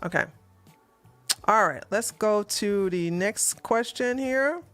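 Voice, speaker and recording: A woman's voice: medium pitch, slow pace, fairly bright tone, faint music behind. A woman hosting a relationship advice livestream, reading out a viewer's question and answering bluntly with sassy, mocking remarks.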